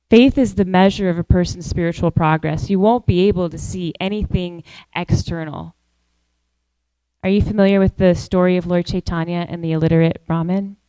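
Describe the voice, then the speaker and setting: A woman giving a devotional class, telling a story in measured phrases and slowing down to stress key words. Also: mid-range voice, mellow, smooth, no echo, low-quality recording. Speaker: class speaker.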